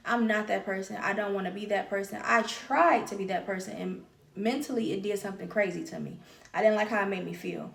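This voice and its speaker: A podcast host with a gravelly, medium-pitched voice delivers a personal monologue on healing at a moderate pace, speaking openly and emphatically about her feelings and repeating phrases to hammer her point home. She's recorded from a distance, with a roomy sound.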